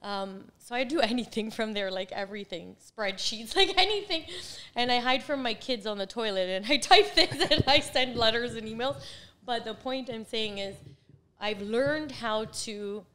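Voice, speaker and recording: On the high side and a little bright, her voice is expressive and moves at a normal speed. She's a real estate coach in her forties, laughing often as she tells stories during a casual interview chat.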